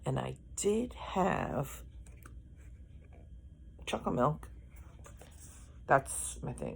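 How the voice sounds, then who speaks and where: A woman's voice: low voice, expressive, very slow, creaky, long pauses, breathy edge. A middle-aged woman, chatting casually in a vlog, rambling and correcting herself as she goes, yawning often. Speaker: vlogger.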